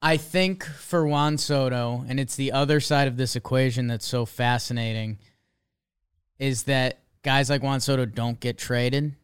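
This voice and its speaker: A young man hosting a casual sports podcast, excitable and rambling, jumping between thoughts. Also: mid-range voice, a little slow, smooth.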